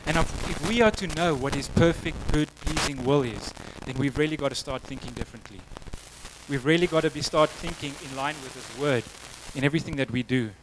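A man's voice: a little high, a little fast, noisy background. Male preacher telling a story. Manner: storytelling, conversational with acted quotes. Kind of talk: sermon.

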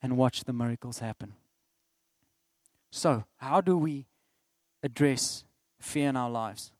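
A middle-aged man with a South African accent preaching a sermon, swinging between loud declarations and soft asides. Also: medium pitch, takes it slowly, dry recording, studio quality. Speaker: pastor.

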